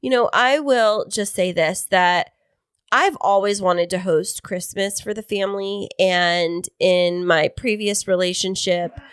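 A woman's voice: measured pace, smooth, dry recording, clean studio sound. A woman co-hosting a casual podcast with her husband, telling stories animatedly. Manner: animated storyteller, mimics others in high voices. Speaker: podcast co-host. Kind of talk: casual chat. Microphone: studio microphone.

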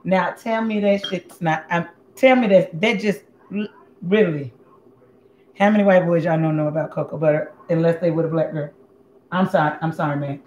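A woman's voice: on the low side, normal speed, pauses often, warm tone, muffled recording. Sassy woman chatting in kitchen. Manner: blunt, sassy, chatty, talks to viewers. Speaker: cooking show host. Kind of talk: casual livestream cooking chat. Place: home kitchen. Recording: echoey room with faint background noise.

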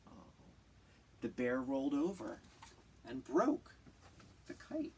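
A teacher reading a picture book aloud to children, pausing to point at pictures and ask gentle questions. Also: mid-range voice, wildly swooping pitch, far from the mic, a little hiss or hum.

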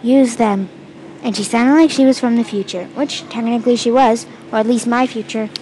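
A woman with a fairly high voice reads her own first-person fantasy tale aloud. She stumbles and starts lines over now and then. A faint hiss runs underneath. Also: steady tone, mellow, rough recording. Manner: halting, with restarts and stumbles; first-person storytelling with quoted lines read in the same voice. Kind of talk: amateur reading of her own fantasy story.

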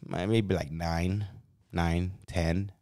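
Deep-voiced man in laid-back podcast chat. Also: steady tone, takes it slowly, dark tone, clean tone, dry recording, clean studio sound. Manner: laid-back, rambling with many fillers. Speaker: podcast host. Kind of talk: casual chat.

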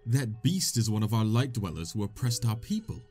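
A man's voice: lowish voice, big pitch swings, moderate pace, darkish tone. A menacing male shadow king speaks in a grandiose, theatrical manner, as a man puts him on. He is a haughty video game villain. Faint game music plays underneath. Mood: contemptuous.

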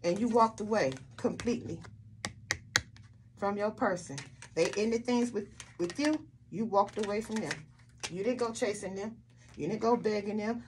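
A woman's voice: medium pitch, normal speed, a little hiss or hum. A woman doing a tarot reading for her viewers, blunt and emphatic, with frequent swearing and repeated rhetorical questions. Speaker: tarot reader.

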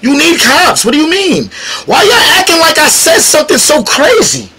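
Animated, brash-sounding man on a livestream. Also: very high-pitched, normal speed. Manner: animated, profane and combative; addresses the chat directly, teasing. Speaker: battle rapper guest. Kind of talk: casual livestream chat.

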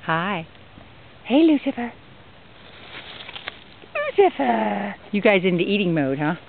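A woman's voice: mid-range voice, big pitch swings, takes it slowly, vocal fry, slight background noise. A woman outdoors in a pasture, talking to her horses in a cooing, baby-talk way while filming on a handheld camera. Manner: coos and baby-talks to the horses. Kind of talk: casual talk to animals. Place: outdoor pasture near woods. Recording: tinny lo-fi camera audio.

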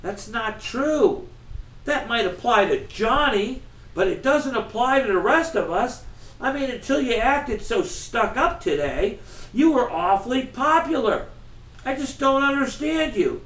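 Brief: earnest, pleading teen boy, read by a man, high animated voice, echoey. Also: measured pace, heavily acted. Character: friendly teenage boy, hurt and puzzled. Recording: roomy, from far off.

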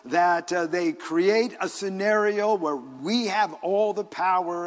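A man's voice: high voice, a little slow, few pauses, long reverb tail, faint music behind. A male pastor preaching a sermon in an earnest, conversational way, mixing scripture with personal stories, recorded in a church. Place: church sanctuary.

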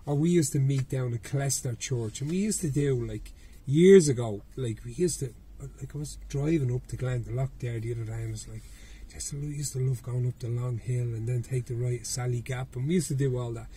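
A man's voice: mid-range voice, a little fast, mellow, a little hiss or hum. A middle-aged Irish man hosting a podcast, chatting casually and swearing freely, with rambling restarts. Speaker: podcast host. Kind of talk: casual chat.

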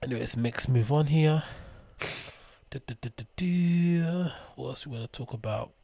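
A man's voice: mid-range voice, quick pace, gravelly, a little mellow, a little hiss or hum. A young man hosting his own show, rambling casually with sarcastic, swearing asides while reading news aloud. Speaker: podcast host. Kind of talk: casual solo rambling commentary.

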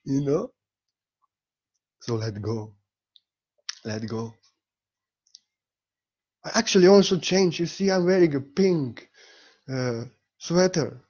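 A man's voice: fairly high pitch, sing-song, takes it slowly, long pauses, mellow, breathy edge, muffled recording. A man giving an earnest spiritual talk in a vlog, repeating key phrases for emphasis. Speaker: spiritual teacher.

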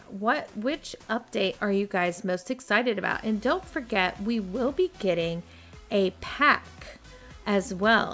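A woman's voice: mid-range voice, fairly bright tone. A woman from Texas hosting a casual live stream, chatting and greeting viewers by name one after another. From Texas, USA. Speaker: channel host.

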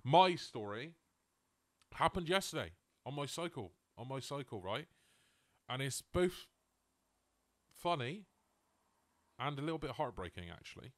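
Brief: male co-host, mid-pitched, chatty storyteller who acts out quotes. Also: very animated, unhurried, pauses often, no room sound. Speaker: podcast co-host. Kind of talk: casual chat.

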